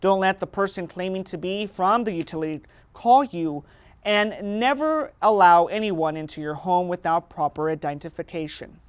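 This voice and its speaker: A woman co-hosts a community news program. She laughs easily in the chatter with her colleagues, then reads the public notices plainly and clearly. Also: on the low side, expressive. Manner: cheerful, quick to laugh in banter. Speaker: news show co-host.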